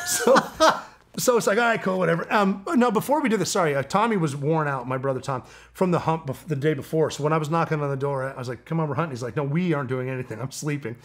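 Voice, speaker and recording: A man as an interview guest, telling a long story with lively quoted voices and frequent laughter. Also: on the high side, fast talker. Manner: animated storyteller, laughs often, mimics people in quotes.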